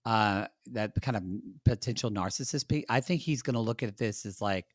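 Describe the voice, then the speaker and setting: A man's voice: lowish voice, normal speed, no room sound, clean studio sound. A man guest on a podcast, chatting casually about reality TV in an opinionated, joking way. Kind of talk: casual chat.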